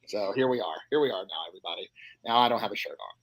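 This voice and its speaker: A man's voice: lowish voice, lively intonation, racing, no room sound. Playful man telling stand-up stories. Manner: playful, self-mocking storytelling. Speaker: stand-up comedian guest. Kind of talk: casual chat with joke telling. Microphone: live stream call.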